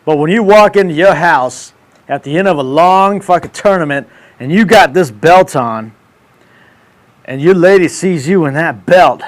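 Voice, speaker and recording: A man's voice: on the high side, moderate pace. A man in his thirties hosting a casual livestream, ranting in brash, profane, slangy banter. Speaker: show host.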